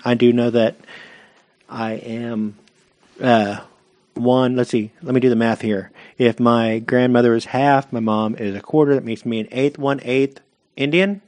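A man's voice: medium pitch, fairly even intonation, measured pace, darkish tone, dry recording. Dry-sounding man teasing on a podcast. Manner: teasing, self-deprecating jokey delivery. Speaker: podcast co-host. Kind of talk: casual comedy podcast banter.

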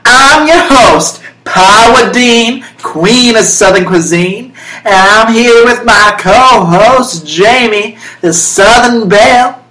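A woman's voice: fairly high pitch, takes it slowly, a bit bright, a little hiss or hum, pitched above the performer's own voice. A woman doing a comedy impression of a brash older Southern woman TV cook, talking in a folksy, bossy drawl. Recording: roomy echoey room.

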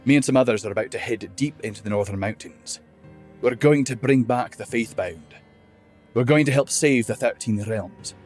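A man's voice: medium pitch, moderate pace, darkish tone, faint music behind, lightly acted. A man doing a guilt-ridden dwarf warrior. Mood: earnest.

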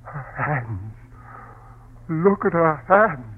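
A man's voice: on the high side, expressive, very slow, slight background noise. An actor playing a desperate husband losing his nerve, stammering and crying out, in a 1940s radio play on a tinny old recording. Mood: anguished. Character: desperate husband unravelling with horror.

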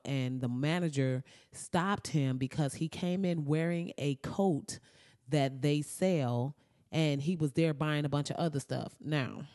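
A woman hosting comedic news commentary, blunt and animated, swearing freely and breaking into loud, high outbursts. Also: no room sound, studio quality. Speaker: commentary host.

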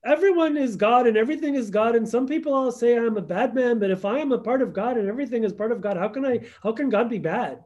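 A man's voice: very high-pitched, fast talker, few pauses, darkish tone, muffled recording, voice pushed up. A man imitating a self-justifying older male guru in an Indian accent, with a preachy, lilting delivery.

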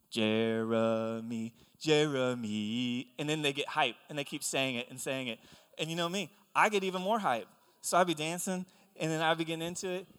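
A young man preaching a sermon, telling stories in an animated, conversational way. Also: fairly high pitch. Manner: animated storytelling, excitable and conversational. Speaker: pastor. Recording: long hall reverb.

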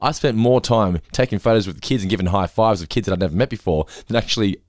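A man's voice: on the low side, fast talker, dry recording, studio quality. A man co-hosting a podcast, chatting casually and acting out voices when he tells stories. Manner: animated storyteller, acts out voices. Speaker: podcast co-host.

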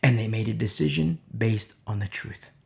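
A man's voice: fairly low pitch, normal speed, gravelly, a little mellow. A man preaching an informal sermon, impassioned and rambling, with many fillers and repeated phrases.

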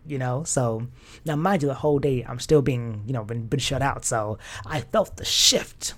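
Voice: mid-range voice, moderate pace, a bit bright. A young adult fashion stylist telling a personal story in a casual, emotional way, with slang and lots of fillers.

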